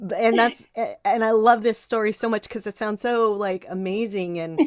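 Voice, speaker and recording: A woman's voice: mid-range voice, steady tone, moderate pace, no room sound, clean studio sound. A woman hosting a podcast interview who talks enthusiastically, rambling and restarting her questions. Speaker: podcast host.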